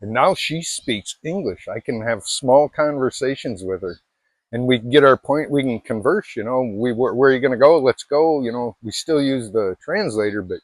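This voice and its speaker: A man's voice: mid-range voice, dry recording. A middle-aged man from Alaska chatting casually to camera, rambling and self-deprecating with many restarts. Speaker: vlogger.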